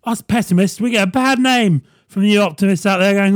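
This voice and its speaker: A man hosting a podcast, delivering a sardonic comedy monologue with quick asides to the listener. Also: sits high, no room sound, clean studio sound. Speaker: podcast host. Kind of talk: stand-up style comedy monologue.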